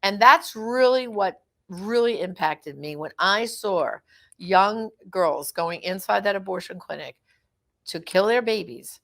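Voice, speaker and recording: A middle-aged woman with a gravelly edge recounts her personal story in an easy, chatty way. She slips into the voices of the people she quotes as she goes. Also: mid-range voice, lively intonation, unhurried, fairly bright tone. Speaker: guest telling her faith story. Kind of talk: casual personal testimony.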